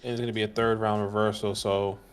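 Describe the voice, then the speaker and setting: A man with a somewhat low voice chats easily, tossing in jokes and teasing remarks. His delivery stays relaxed and conversational. A soft music bed plays under him. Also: fairly quick, clean tone. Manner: joking, easygoing, teasing. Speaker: co-host of a fantasy football stream. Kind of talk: casual live-stream chat.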